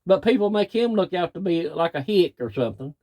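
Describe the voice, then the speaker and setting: Middle-aged man, cattle farmer, fired-up folksy rant, slightly high voice. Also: lively intonation, brisk, dark tone. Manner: plain-spoken, folksy, angry. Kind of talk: frustrated rant to camera.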